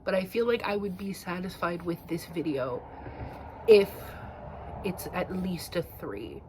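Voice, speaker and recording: A woman's voice: fairly low pitch, expressive, measured pace, background noise. A woman talking casually in a reading vlog, rambling with lots of "like" fillers. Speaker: reading vlogger.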